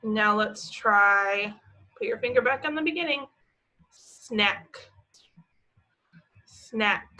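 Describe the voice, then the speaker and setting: A woman teaching preschoolers, speaking slowly and patiently, asking the children questions and answering them herself with encouragement. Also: a little high, sharp tone, poor audio.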